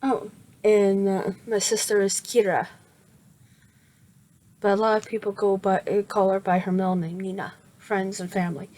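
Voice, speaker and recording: A woman's voice: medium pitch, level tone, moderate pace, darkish tone, lightly acted. A woman voicing a polite, friendly teenage boy who apologizes and chats, in a storybook reading. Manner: apologetic, chatty.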